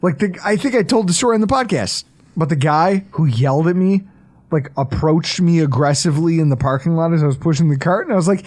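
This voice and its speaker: A man, co-hosting a podcast in casual, profane, animated storytelling. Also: fairly high pitch, fairly quick. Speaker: podcast co-host.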